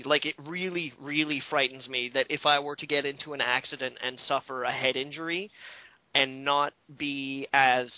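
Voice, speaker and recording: A man's voice: mid-range voice, dry recording, muffled recording. A man co-hosting a podcast in casual chat, rambling and swearing freely with lots of fillers. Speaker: podcast co-host.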